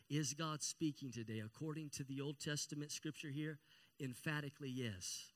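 A man preaching a sermon, repeating key phrases and calling for amens, growing more excited as he goes. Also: fairly high pitch, normal speed. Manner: grows louder and more excited. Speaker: pastor.

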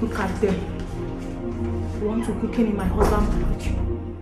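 An actress with a Nigerian accent playing a bossy, jealous young wife who scolds loudly in broken English. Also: female voice, mid-range voice, fairly even intonation, a little slow, natural voice. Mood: furious. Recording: echoey room with music.

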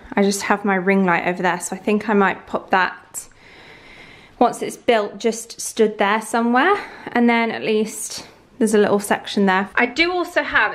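A woman's voice: mid-range voice, a bit bright. A young woman chatting casually in a home vlog, rambling and going off on tangents. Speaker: lifestyle vlogger. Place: at home, indoors.

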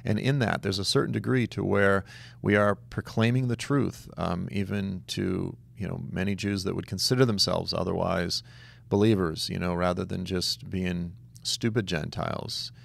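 Gravelly low-voiced male Bible teacher. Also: moderate pace, no echo. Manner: animated, emphatic storytelling with casual asides. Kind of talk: conversational Bible study teaching.

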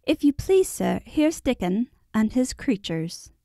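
A woman voicing an eager young housemaid who announces visitors in a high, chirpy voice. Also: sing-song, a little slow, vocal fry, mellow, dry recording, studio quality, heavily acted. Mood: announcing.

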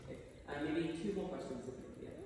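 A man's voice: fairly high pitch, animated, a little fast. A male voice coach giving a singing workshop, explaining technique in a chatty way and checking in with the room. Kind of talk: workshop teaching. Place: large recital hall. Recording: echoey hall from far off, noisy.

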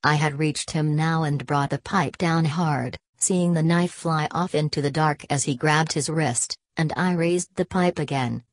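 A woman narrating a novel as an audiobook in a steady, measured storytelling manner. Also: sits low, no echo. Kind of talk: scripted narration.

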